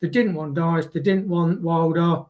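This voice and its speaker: A man gives his opinion about the club in earnest, casual fan talk. His voice is noticeably high-pitched. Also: steady tone, a little slow, muffled recording. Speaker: fan show panelist. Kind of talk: casual podcast banter.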